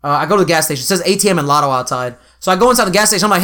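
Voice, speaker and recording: Here the co-host's voice is high and very fast. Swearing frequently, he tells animated stories on a casual podcast and plays out the quotes himself.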